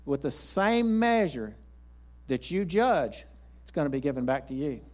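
A man with a slightly raised pitch delivers a sermon. He tells stories in a folksy, rambling way, often restarting his sentences. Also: big pitch swings, a little slow. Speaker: pastor. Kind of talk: sermon with storytelling.

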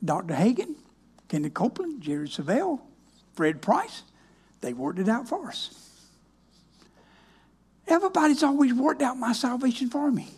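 A man's voice: very high-pitched, big pitch swings, normal speed, pauses often, darkish tone, slightly rough. An older man, a minister giving a folksy, plainspoken, wry personal testimony.

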